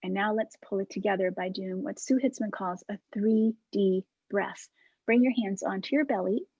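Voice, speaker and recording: Woman teaching a movement class over video call: breathy, gentle, unhurried cues. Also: mid-range voice, no echo, dull audio. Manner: calm, soft-spoken cueing with breathy demonstrations.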